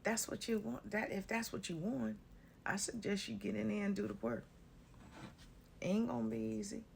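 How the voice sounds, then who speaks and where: A woman's voice: medium pitch, steady tone, normal speed, creaky, slight background noise. A woman giving a casual spiritual talk to her viewers, blunt and sassy, swearing freely and calling listeners honey and baby. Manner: drawls terms like honey and baby. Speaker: spiritual content creator.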